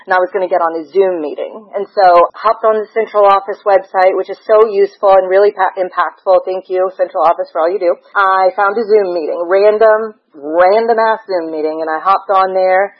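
A woman's voice: medium pitch, fairly even intonation, fairly quick, few pauses. A woman giving a candid, conversational personal testimony at a recovery meeting. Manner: conversational and frank, with laughter. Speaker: member sharing at a recovery meeting. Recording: dull lo-fi recording.

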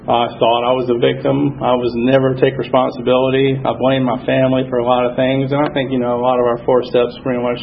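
A man shares his recovery story at a support meeting, pausing often and circling back with fillers. His voice is gravelly and stays flat, with little rise and fall. The recording is dull and lo-fi, with faint noise behind him. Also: medium pitch. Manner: halting, many fillers, reflective and earnest. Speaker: AA speaker sharing his story. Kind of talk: personal recovery talk at a meeting.

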